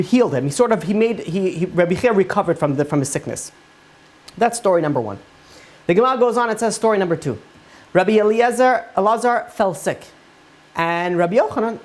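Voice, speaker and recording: Rabbi retelling Talmud stories casually. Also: male voice, high-pitched. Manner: casual and conversational, many fillers like "you know".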